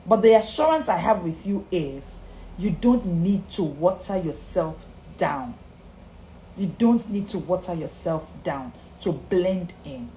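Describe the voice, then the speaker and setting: In a fairly low, mellow, and expressive voice, a woman confidence coach delivers an unhurried yet emphatic motivational talk on a livestream, repeating her main lines and greeting viewers by name. The room is echoey, with faint ambience and slight background noise.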